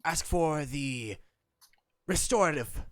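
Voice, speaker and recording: Man playing a gnome official, gravelly, fussy, pompous, high and lively voice. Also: takes it slowly. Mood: businesslike. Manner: fussy, repeats "yes, yes".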